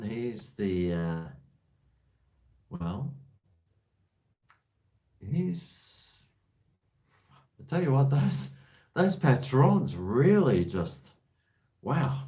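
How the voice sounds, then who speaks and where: A man's voice: fairly low pitch, mellow. A man from Australia hosting a casual live-stream chat, rambling, hesitant and swearing freely. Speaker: host.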